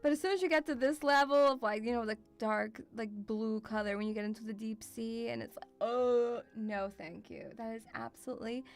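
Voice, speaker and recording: A woman's voice: on the high side, steady tone, a little fast, few pauses. A young woman chatting on a stream, rambling with lots of fillers and swearing. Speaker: VTuber streamer. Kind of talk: casual stream chat.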